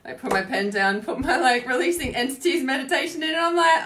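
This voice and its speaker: A woman's voice: sits high, lively intonation, brisk, fairly bright tone. A woman who is a spiritual coach, talking casually on a livestream in a rambling way, with many fillers and free swearing.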